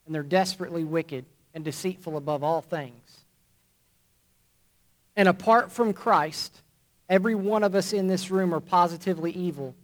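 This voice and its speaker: A man preacher delivering a sermon to a congregation, emphatic and deliberate, repeating key phrases for weight. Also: on the high side. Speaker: pastor. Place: church congregation.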